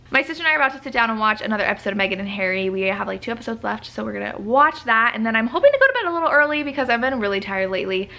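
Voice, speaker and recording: Gushing young woman with a bright voice. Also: on the high side, gravelly. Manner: gushing, enthusiastic, chatty with many "like"s. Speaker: book vlogger. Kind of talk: casual reading vlog chat.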